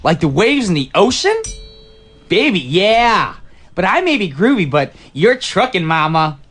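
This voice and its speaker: Man voicing a flirty seventies dude lost in time, jumpy lively pitch, radio skit. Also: measured pace, slight background noise, full character voice. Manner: hip seventies slang, flirty.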